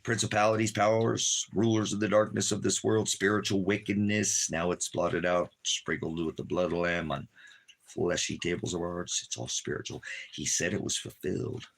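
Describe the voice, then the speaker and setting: A man preaching an informal home sermon with fervent delivery that swings from low murmurs to shouted warnings. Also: flat delivery, normal speed, vocal fry.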